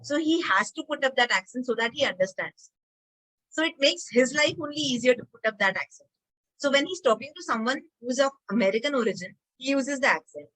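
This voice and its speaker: A woman's voice: sits high, expressive, brisk, a bit bright, low-quality recording. A woman with an Indian accent, a guest on a podcast, giving frank opinions in casual talk. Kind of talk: casual interview chat.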